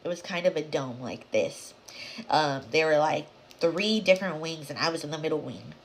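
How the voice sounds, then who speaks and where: A woman telling a spooky story time in a casual, dramatic way, swearing, talking straight to her viewers and dropping into hushed whispers for suspense. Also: low-pitched, normal speed. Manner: dramatic, animated, swears and addresses viewers directly.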